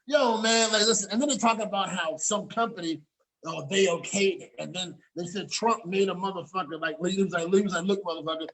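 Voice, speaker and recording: Man, high voice, profane, heated, repetitive, restarts a lot, video call host. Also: fairly quick, a bit bright, poor audio. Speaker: show host. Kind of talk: ranting casual talk show chat.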